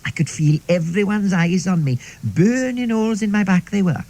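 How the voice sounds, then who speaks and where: A man's voice: high voice, normal speed, a little mellow, low-quality recording. A man playing a chatty, middle-aged Welsh woman in a radio comedy monologue, who tells rambling stories sprinkled with "like" and "see". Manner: rambling, confiding, peppered with "like" and "see".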